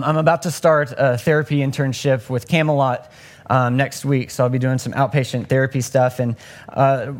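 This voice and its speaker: A young man giving a casual, conversational sermon and acting out the voices in the story. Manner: conversational, acts out the story's voices with rising pitch. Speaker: preacher.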